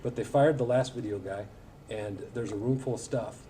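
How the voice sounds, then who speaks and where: A man's voice: medium pitch, normal speed, dark tone, distant mic, slight background noise, low-quality recording. A man in his forties, an alumni guest speaker, telling anecdotes to an audience in a folksy, humorous way with lots of filler words. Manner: folksy storytelling with frequent filler words and self-deprecating humor. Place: event hall at a school breakfast.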